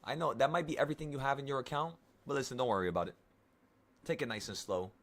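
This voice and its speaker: A man's voice: medium pitch, fast, fairly bright tone. A man in his twenties, casually talking viewers through an options trade and reassuring them in a rambling, coaching way. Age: 20s. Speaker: options trading streamer. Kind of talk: casual live trading talk to viewers.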